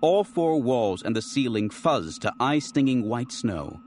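Man reading an audiobook with lively, expressive delivery. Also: medium pitch, measured pace, slight background noise. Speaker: audiobook narrator. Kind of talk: scripted narration.

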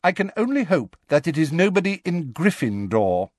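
A man voicing a strict elderly female professor, speaking in a crisp, measured, formal way. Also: fairly high pitch, big pitch swings, dry recording, clean studio sound, pitched above the performer's own voice. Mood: stern.

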